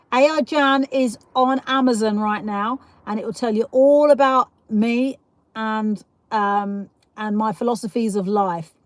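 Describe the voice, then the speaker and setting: A woman's voice: mid-range voice, no room sound. South east london lady rambling on her livestream, laughs a lot, dry close sound. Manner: chatty, laughs often, rambling asides. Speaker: livestream host. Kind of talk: casual live chat reading comments.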